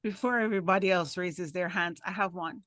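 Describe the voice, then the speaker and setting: A woman's voice: on the low side, fairly quick, fairly bright tone, no room sound. A woman in an online meeting asking a question, enthusiastic and admiring. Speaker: audience member asking a question. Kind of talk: casual question. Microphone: video call.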